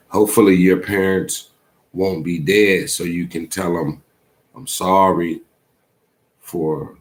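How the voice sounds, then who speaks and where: A man hosting a show, speaking in a heartfelt, preachy casual monologue with a habit of saying "man" often. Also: low-pitched. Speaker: host.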